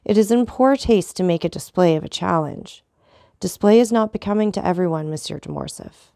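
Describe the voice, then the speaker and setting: A woman voicing a calm, commanding aristocratic man who stays coldly polite. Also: lowish voice, gravelly, no echo, studio quality. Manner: calm, measured, dignified.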